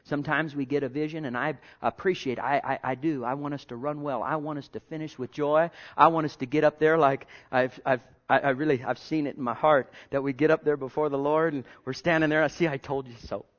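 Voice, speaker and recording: A male pastor preaching a sermon in a conversational way, repeating himself and jumping from hushed asides to loud bursts. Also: on the high side, fairly even intonation, fairly quick, few pauses. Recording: dull lo-fi sermon recording.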